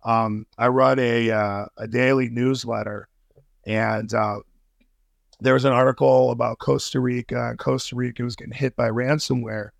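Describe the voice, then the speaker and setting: Man, podcast guest, very gravelly voice, dry close sound, slangy, swears, lots of ums. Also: mid-range voice, little pitch movement, normal speed, no room sound. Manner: slangy and profane, many fillers and restarts. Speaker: podcast guest, intelligence analyst. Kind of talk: casual interview chat.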